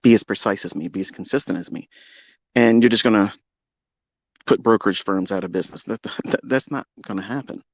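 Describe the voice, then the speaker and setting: A man hosting a live audio stream, delivering a heated, profane and boastful rant that swings between loud outbursts and low muttering. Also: brisk, pauses often, no room sound. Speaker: trading educator and Twitter Space host.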